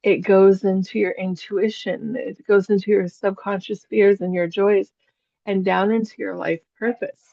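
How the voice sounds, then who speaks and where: A woman's voice: medium pitch, flat delivery, measured pace, creaky, warm tone, dry recording, muffled recording. A woman psychic teaching a spiritual class in a chatty storytelling way, laughing often.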